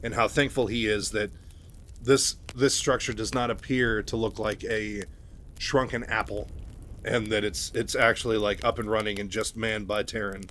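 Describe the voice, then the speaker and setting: A man's voice: fairly low pitch, steady tone, normal speed, fairly bright tone, slight background noise. Chatty man retelling a story casually. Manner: chatty, many fillers and asides. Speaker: channel host.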